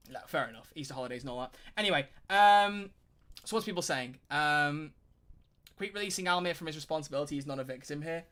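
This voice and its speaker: Fast, bright streamer ranting. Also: male voice, on the high side. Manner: animated, swearing, quick rants. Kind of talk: casual live-stream chat.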